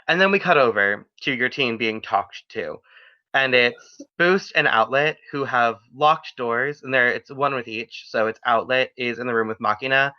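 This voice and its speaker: A man with a smooth, medium-pitched voice acts as game master for a tabletop game, narrating in a casual, rambling way. His storytelling is lively and full of fillers, and the recording sounds dull and lo-fi.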